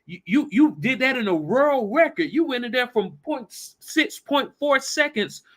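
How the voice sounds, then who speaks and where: A boastful old farmer shouts his offers in a high, excited voice, as a man puts him on. He stammers and exclaims as his pitch climbs. He sounds blustery and proud. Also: measured pace.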